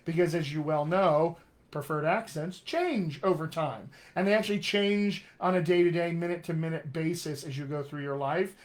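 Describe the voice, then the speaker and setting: A man's voice: fairly high pitch, moderate pace. A man from Colorado with a General American accent tinged with West Texas and upstate New York, teaching a live online accent lesson in an emphatic, friendly way. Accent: General American with West Texas and upstate New York traces. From Colorado, USA. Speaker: dialect coach.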